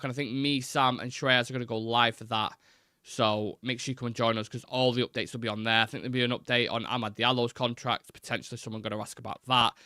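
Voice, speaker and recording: A man's voice: mid-range voice, pushed and bright, smooth, no echo, studio quality. A young man hosting a live football fan show, chatting through his opinions and reading viewer comments, with plenty of fillers and restarts.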